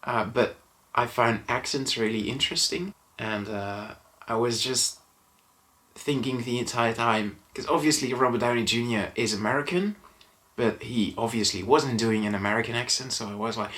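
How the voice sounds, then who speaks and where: A man's voice: medium pitch, moderate pace, fairly bright tone. A man whose first language is not English, giving a casual movie review monologue, hesitant with frequent ums and restarts and a dry, mildly wry delivery.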